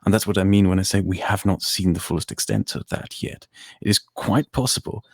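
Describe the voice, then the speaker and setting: Very deep, gravelly man, earnest. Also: fairly quick, no room sound, clean studio sound. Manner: earnest, repetitive, insistent. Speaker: stream panelist. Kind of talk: casual commentary chat.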